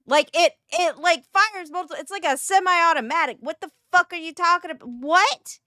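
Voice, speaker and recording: A woman's voice: very high-pitched, normal speed, bright, forceful tone, no echo. A woman streamer reacting to a video in casual, profane chat, exasperated and often laughing.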